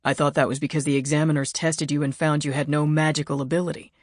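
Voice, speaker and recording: A woman narrator voicing a sardonic young male agent and failed wizard, with dry deadpan comebacks. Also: low-pitched, fast, dry recording.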